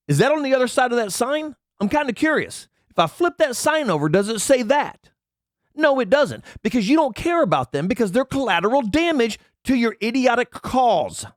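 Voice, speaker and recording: A man's voice: extremely high pitch, sing-song, normal speed, no room sound, clean studio sound. A man hosting an angry political commentary, reading out items and mocking them with indignant rants. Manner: indignant ranting, reads out items and mocks them. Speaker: commentary channel host.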